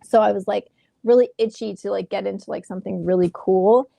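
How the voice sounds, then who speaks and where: Woman, thirties, gravelly fry in her voice, dry close sound, animated storyteller, video call from home. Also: medium pitch, fairly quick, no room sound. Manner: animated, acts out quoted exchanges. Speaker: actress guest. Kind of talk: casual interview storytelling.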